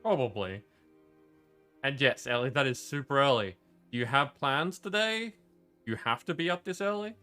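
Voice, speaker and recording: A man's voice: medium pitch, lively intonation, moderate pace, pauses often, sharp tone, clear, resonant tone, soft background music. A male streamer chatting casually over gameplay, joking and greeting viewers in chat by name.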